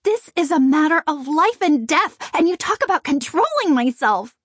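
A woman's voice: sits high, sing-song, normal speed, no room sound, clean studio sound. A woman voicing a distraught eight-year-old farm girl who protests and pleads in tears, in a storybook audiobook. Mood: pleading, outraged. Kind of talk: audiobook character voice.

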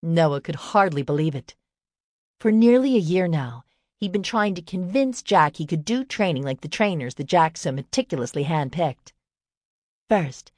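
A woman narrating a novel in a steady, measured storytelling manner. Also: deep voice, no room sound, clean studio sound. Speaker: audiobook narrator. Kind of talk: scripted narration.

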